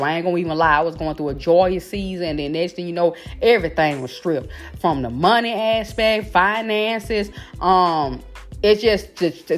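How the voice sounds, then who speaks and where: A woman preaching a sermon with impassioned, rhythmic repetition, speaking informally and calling her listeners y'all. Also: medium pitch. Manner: informal dialect, addresses audience as y'all.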